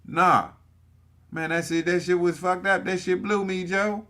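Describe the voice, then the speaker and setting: A man's voice: high-pitched, steady tone, a little slow, pushed and bright. A man giving casual reaction commentary, talking emphatically and profanely straight to his viewers. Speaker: commentary streamer.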